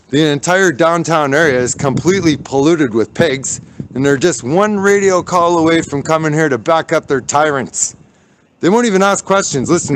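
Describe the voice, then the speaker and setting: A man's voice: on the high side, slight background noise. A man livestreaming as he walks outdoors downtown, ranting angrily and swearing. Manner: furious, profane ranting. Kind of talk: angry walking livestream.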